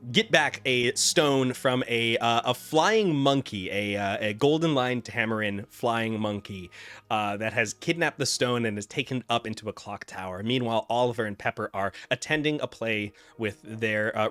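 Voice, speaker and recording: A man's voice: mid-range voice, normal speed, a bit bright, no room sound. A man narrating a tabletop game as game master in a casual manner, with many fillers.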